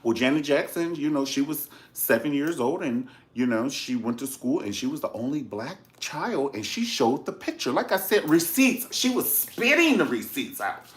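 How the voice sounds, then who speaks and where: A man's voice: medium pitch, normal speed, hardly any pauses. A man giving a sassy, campy video review in casual commentary, calling the listener honey and swearing freely. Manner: animated storyteller, swears casually. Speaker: documentary reviewer, channel host.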